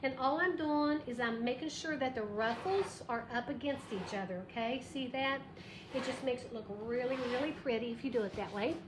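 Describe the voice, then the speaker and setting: Working through a live craft tutorial in her shop, the host talks fairly quickly in a voice on the high side. She is chatty and bubbly, naming viewers and counting aloud, in an echoey space with background noise.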